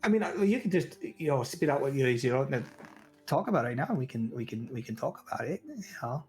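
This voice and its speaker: A man's voice: mid-range voice, very animated, fast talker, darkish tone, faint music behind, lightly acted. A man voicing a shy male earth genasi miner who stammers and dodges questions. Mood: nervous. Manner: hesitant, stammering, evasive.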